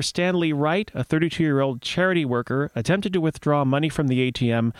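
A man's voice: mid-range voice, no echo. Male host, casual commentary, wry jokey asides, dry close mic.

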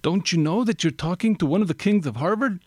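A man doing a raspy, teasing old grandfather. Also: high-pitched, animated, quick pace, a little mellow, no echo, studio quality, voice pushed up.

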